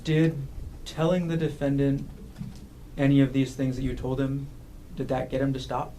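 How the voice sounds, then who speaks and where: A man questioning a witness in a courtroom, asking measured, formal questions. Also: mid-range voice, flat delivery, dark tone, slight background noise. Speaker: prosecutor.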